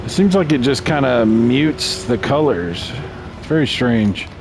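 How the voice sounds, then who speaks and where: A man hosting a casual let's-play video, chatting through a racing game in a relaxed, self-mocking way. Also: medium pitch, measured pace, noisy background. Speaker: gaming channel host.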